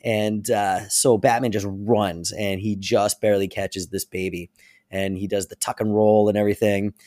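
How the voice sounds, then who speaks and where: With a voice on the low side and a normal pace, a man co-hosting a podcast recounts a story animatedly, laughing a lot as they chat. The audio is clean studio sound with no room echo.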